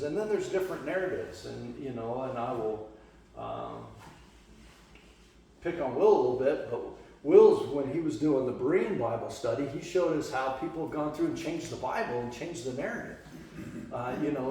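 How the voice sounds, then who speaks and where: A man's voice: medium pitch, animated, normal speed, warm tone. Man talking in a very echoey room. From Las Vegas, western US. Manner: rambling, conversational, many restarts and fillers. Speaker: church study group leader. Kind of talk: casual church group teaching. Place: church meeting room. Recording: echoey room, distant mic, faint hum.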